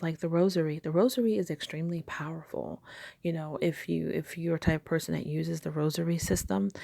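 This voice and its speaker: A woman with a low, gravelly voice talks casually about spiritual practice. Her delivery rambles and often sinks to a soft whisper. The recording is dry and close. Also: dry recording. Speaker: spiritual teacher.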